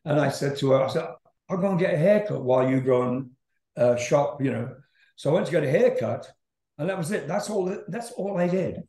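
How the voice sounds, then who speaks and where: A man's voice: fairly high pitch, expressive, a little fast, dark tone. An older man, a rock singer, telling a rambling story in a casual interview, laughing and swearing as he goes. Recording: roomy echo.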